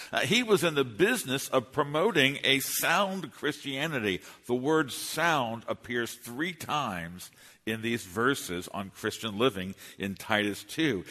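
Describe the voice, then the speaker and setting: A man preaching an expository sermon as pastor in a church, emphatic and lively, often restarting his phrases. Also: mid-range voice, long reverb tail. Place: church sanctuary.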